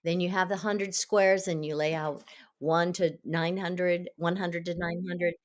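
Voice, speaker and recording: Earnest, lower-voiced woman educator. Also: a little slow. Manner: earnest, animated, acts out children's voices. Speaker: Montessori educator and guest. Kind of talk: conversational interview answers.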